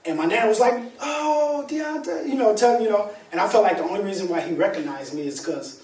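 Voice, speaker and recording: High-voiced man telling his story. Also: very fast. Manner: animated, colloquial storytelling with laughter. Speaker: motivational speaker. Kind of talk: personal storytelling talk to an audience. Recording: echoey room, distant mic, faint ambience.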